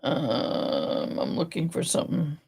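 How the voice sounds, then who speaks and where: A tired, grieving woman hosting a casual livestream chat, talking slowly with frequent pauses and ums. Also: deep voice, wildly swooping pitch, gravelly, darkish tone, slightly rough. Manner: slow, meandering, with frequent ums. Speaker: livestream host.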